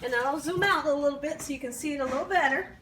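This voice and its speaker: In her kitchen, a woman runs a home cooking vlog with a high-pitched voice and rapid delivery over a noisy background. She's enthusiastic, keeps addressing her viewers as "guys," and hums whenever she tastes something.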